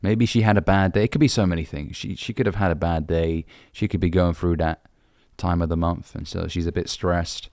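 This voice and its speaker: A man's voice: low-pitched, fairly even intonation, fairly quick, few pauses, darkish tone, no room sound, studio quality. A young man from the UK, a dating coach, giving blunt, brotherly advice and swearing casually. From United Kingdom. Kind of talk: direct-to-camera advice talk.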